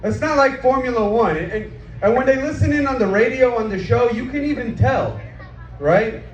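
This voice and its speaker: A man's voice: very high-pitched, expressive, normal speed. A male stand-up comedian doing an outdoor set, chatty and crude, trading questions with the crowd. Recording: echoey, distant, dull sound with faint background noise.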